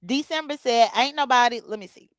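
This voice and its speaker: A woman's voice: a little high, fairly quick, fairly bright tone, no room sound. Blunt woman livestreamer, dry sound. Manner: blunt, chatty, greets chat viewers by name. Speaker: livestream host. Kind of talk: casual live commentary.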